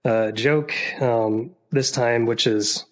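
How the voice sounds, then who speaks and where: A man's voice: mid-range voice, fairly even intonation, slow. A man co-hosting a podcast, chatting casually in a rambling way, with many fillers and frequent laughs. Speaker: podcast co-host. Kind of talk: casual chat.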